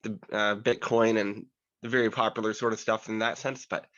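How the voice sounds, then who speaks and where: Bright-voiced man on muffled call audio. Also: lowish voice, level tone, moderate pace. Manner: eager, grateful, a bit nervous. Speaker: caller on a video call. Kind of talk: grateful testimony on a call. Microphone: video call.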